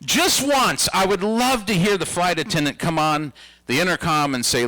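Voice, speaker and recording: A man in his fifties doing stand-up, his voice higher than most and bright with an edge. He tells his stories playfully, swinging his pitch widely. The sound is close and dry. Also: moderate pace, dry recording, poor audio. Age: 50s. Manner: animated storytelling with a playful comic delivery. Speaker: stand-up comedian. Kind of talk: stand-up comedy routine.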